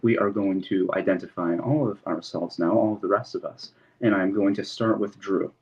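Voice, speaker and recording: A man's voice: sits low, fairly even intonation, moderate pace, darkish tone. A man from Indiana chairing an online committee meeting, calling on members politely and procedurally with frequent ums. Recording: dull lo-fi call audio with faint hiss.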